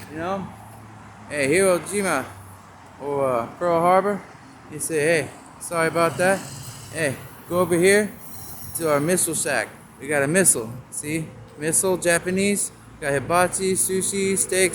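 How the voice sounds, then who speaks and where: Rambling man talking outdoors, faint traffic. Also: on the high side. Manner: rambling, free-associating, wordplay on signs. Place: outdoors on a town street. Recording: faint street noise outdoors.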